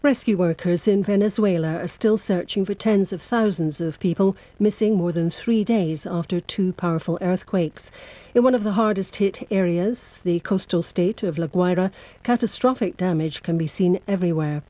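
A woman reading a radio news bulletin in a measured, formal way. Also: lowish voice, warm tone, no room sound. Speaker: newsreader.

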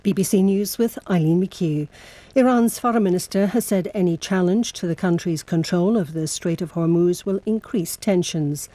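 A woman reading a radio news bulletin in a measured, formal way. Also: fairly low pitch, dark tone, dry recording. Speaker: newsreader.

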